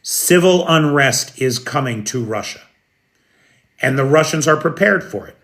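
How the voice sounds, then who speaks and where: Slow, emphatic American man commenting. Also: mid-range voice, animated, a bit bright. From United States. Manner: emphatic, opinionated, addresses viewers by name. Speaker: news commentator. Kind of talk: live news commentary.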